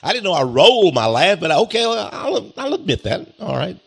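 A man with an East Texas accent talks through a critical article, chuckling often and repeating its insults back with mock pride. His delivery is animated and drawling, with a bright, husky tone pitched a little high. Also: normal speed. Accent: Texan. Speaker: host. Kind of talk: monologue reading and mocking a critical article.

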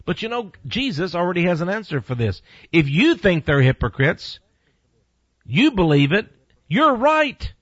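A man preaching a sermon, emphatic with big swings in pitch and loudness. He speaks to his listeners directly and bluntly, and reads scripture slowly and deliberately. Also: very animated, dry recording. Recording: dull lo-fi recording.

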